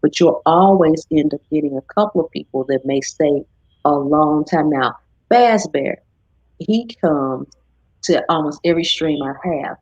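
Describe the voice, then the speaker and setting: Husky-voiced woman host, chatty. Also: sits low, unhurried, dry recording. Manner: chatty, animated when quoting others. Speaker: host of a live cooking stream. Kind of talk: casual chat. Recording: dull lo-fi stream audio.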